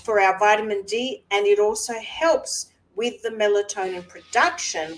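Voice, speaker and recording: A woman hosting a casual live wellness talk, chatty, pausing on fillers and laughing often. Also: fairly high pitch, poor audio. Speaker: wellness host.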